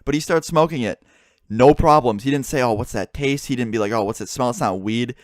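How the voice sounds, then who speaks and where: A young man races through a casual story in a medium-pitched voice that sounds close and dry on the mic, with no room sound at all. He curses freely and slips into his friends' voices as he retells what happened.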